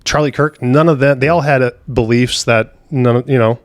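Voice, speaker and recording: A man's voice: mid-range voice, steady tone, a little fast, no room sound. Blunt man co-hosting a podcast, dry sound. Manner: blunt, swears freely. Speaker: podcast co-host. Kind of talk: casual political chat.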